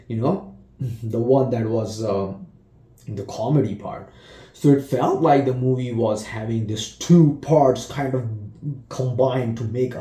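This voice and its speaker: A man's voice: mid-range voice, mellow. A man giving a casual, rambling spoken movie review. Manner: rambling, with frequent restarts and laughter. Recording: roomy echo.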